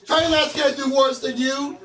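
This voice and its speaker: An upset man in a played clip, ranting loudly and repeating himself. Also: extremely high pitch, little pitch movement, measured pace. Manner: yelling, repetitive ranting. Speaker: upset sports fan in a clip. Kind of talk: shouted ranting reaction. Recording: echoey room, far from the mic, noisy.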